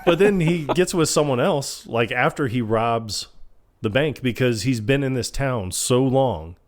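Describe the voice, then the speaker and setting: A man's voice: medium pitch, a little slow. A man co-hosting a podcast, retelling a film in casual chat and acting out the characters' lines. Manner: animated, acts out quoted lines in changing voices. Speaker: podcast co-host.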